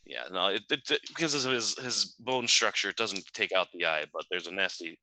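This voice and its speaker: Sharp-toned man thinking aloud at a game. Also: sits low, a little fast, dry recording, poor audio. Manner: thinks aloud, joking and hesitant. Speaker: player. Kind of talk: casual chat at a tabletop game.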